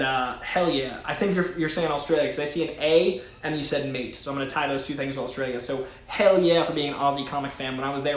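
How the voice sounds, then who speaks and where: A man's voice: fairly high pitch, roomy sound. A man hosting a casual live stream, chatting with enthusiasm and reading viewer messages aloud. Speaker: host. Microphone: studio mic.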